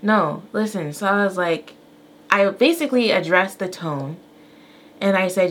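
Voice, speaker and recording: A woman's voice: mid-range voice, measured pace, a little hiss or hum. A mother co-hosting a podcast, telling an everyday story candidly and acting out quoted lines. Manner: animated, candid, acts out quotes. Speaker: podcast co-host. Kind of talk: casual storytelling.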